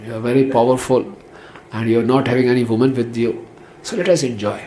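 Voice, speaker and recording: A man's voice: mid-range voice, little pitch movement, quick pace, mellow, slight background noise, natural voice. A man voicing a proud, forward female demon who boasts brazenly. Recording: roomy echo.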